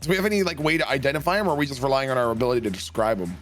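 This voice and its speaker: A man's voice: mid-range voice, very fast, fairly bright tone, faint music behind. A man playing a tabletop game, easygoing and hesitant, often restarting his sentences. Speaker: player. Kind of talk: casual tabletop game chat.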